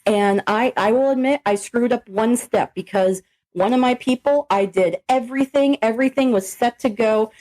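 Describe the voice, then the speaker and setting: A young woman co-hosting a casual podcast, spinning stories with plenty of swearing and animated energy. Her voice sits a little high. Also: moderate pace, rough recording. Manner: profane, animated storytelling. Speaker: podcast co-host. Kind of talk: casual chat.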